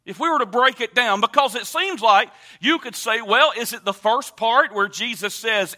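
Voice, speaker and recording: A pastor delivers a sermon in an emphatic, repetitive preaching manner, swelling loud and dropping soft. His voice sits high for a man and has a bright, forceful edge. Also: moderate pace, few pauses. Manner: emphatic preaching with repetitions and wide swings in loudness.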